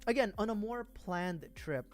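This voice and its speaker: A woman's voice: medium pitch, lively intonation, a little slow, darkish tone, faint music behind. A woman streamer chatting casually on a livestream, rambling, with frequent laughing fits and restarts. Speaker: VTuber streamer. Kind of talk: casual livestream chat while building a model kit.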